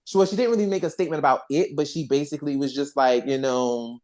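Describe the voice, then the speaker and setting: Rambling, animated casual podcast host. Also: medium pitch, quick pace, few pauses. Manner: animated, rambling, with frequent restarts and swearing. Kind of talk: casual chat.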